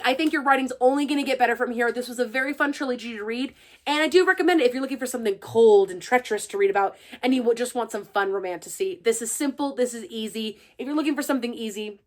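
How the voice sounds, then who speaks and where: Chatty young woman gushing about books. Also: on the high side. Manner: gushing and chatty, full of fillers. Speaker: book reviewer and channel host. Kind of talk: casual chat to camera.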